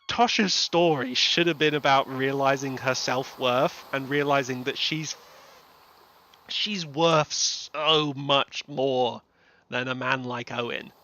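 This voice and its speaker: A man's voice: medium pitch, steady tone, slow pace, pushed and bright. A young man streaming a farming game, ranting animatedly and swearing in casual chat. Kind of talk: casual livestream chat while gaming.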